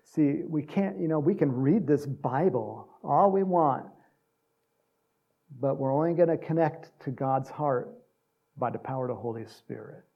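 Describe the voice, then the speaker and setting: A man leads a Bible study in a loose, chatty preaching style. His voice is somewhat high for a man, with a gravelly, husky texture. He leans on fillers and quick chuckles as he talks his listeners through the passage. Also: dull audio. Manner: conversational, many fillers, chuckles. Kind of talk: casual sermon.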